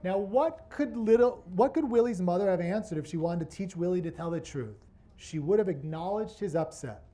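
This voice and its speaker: A man's voice: high voice, expressive, normal speed, warm tone. A man presenting a workshop to an audience, asking rhetorical questions as he teaches. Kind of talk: interactive teaching talk.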